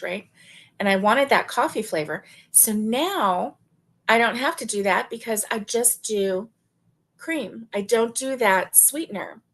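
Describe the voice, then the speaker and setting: A middle-aged woman hosts a relaxed livestream and answers viewers' comments as they come in. She talks slowly and unhurriedly, filling her pauses with soft "ums" and easy chatter. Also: a little high. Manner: slow, chatty, warm asides with frequent fillers and laughs. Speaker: livestream host. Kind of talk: casual livestream chat reading viewer comments.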